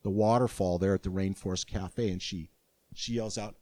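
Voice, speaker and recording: An older man preaching a sermon as pastor, earnest and animated, with frequent restarts. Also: low voice, moderate pace, dry recording.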